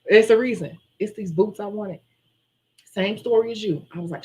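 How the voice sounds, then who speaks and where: Brief: woman nail-tech host, chatty live-stream storyteller, mid-pitched voice. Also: normal speed, low-quality recording. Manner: chatty, animated storyteller who acts out her own quotes.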